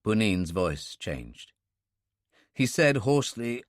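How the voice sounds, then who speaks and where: An expressive male audiobook narrator delivers scripted narration in a mid-range voice at normal speed. The recording is studio quality with no room sound.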